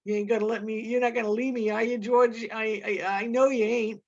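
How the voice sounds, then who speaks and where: A woman's voice: mid-range voice, steady tone, moderate pace, natural voice. A woman voicing a simple-minded, childlike big man who pleads and protests in a storybook reading. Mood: pleading. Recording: dull lo-fi recording.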